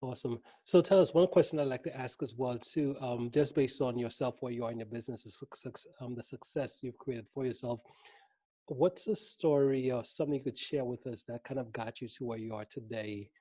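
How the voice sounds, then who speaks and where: A man's voice: medium pitch, a little fast, warm tone, no echo. A man hosting a casual live-stream interview, asking long, rambling questions that search for the right words. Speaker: interview host.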